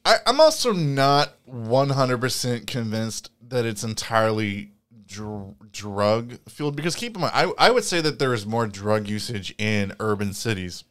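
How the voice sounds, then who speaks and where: A man's voice: mid-range voice, sing-song, a little slow, fairly bright tone. A man co-hosting a podcast, chatting casually and rambling with lots of fillers and restarts. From Indiana, US. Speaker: podcast co-host. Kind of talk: casual chat, reading listener comments.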